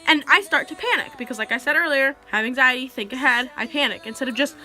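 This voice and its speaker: A woman's voice: high-pitched, fast talker, bright, forceful tone, soft background music. A teenage girl telling a story to camera in a rambling, chatty way, full of "like.". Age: teenager, about 16. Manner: chatty, rambling, heavy use of "like". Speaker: vlogger.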